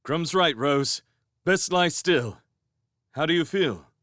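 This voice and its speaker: A man's voice: fairly high pitch, expressive, takes it slowly, a bit bright, no room sound, clean studio sound, pitched above the performer's own voice. Man doing an earnest young mouse warrior. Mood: caring. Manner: earnest, wry.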